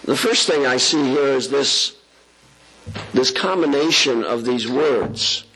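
A middle-aged male pastor preaching in a conversational way, with a slightly husky voice. He leans on rhetorical questions and lifts his voice to stress key words. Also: mid-range voice, expressive, slow pace, pushed and bright, low-quality recording. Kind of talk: sermon.

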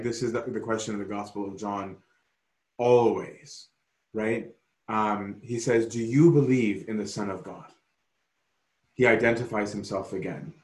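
A man preaching a sermon slowly and emphatically, often pausing to ask "right?". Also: mid-range voice, a little mellow, echoey room. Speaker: pastor.

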